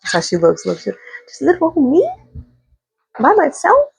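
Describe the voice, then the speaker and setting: A woman voicing a timid young girl who is unsure of herself, in a small, high, wavering voice. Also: wildly swooping pitch, unhurried, vocal fry, darkish tone, no echo, heavily acted.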